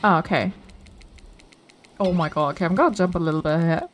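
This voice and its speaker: A woman VTuber streamer giving excitable, playful commentary while playing a dating game. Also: fairly low pitch, a little fast. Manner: excitable, playful, gasps and laughs. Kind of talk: casual gaming commentary.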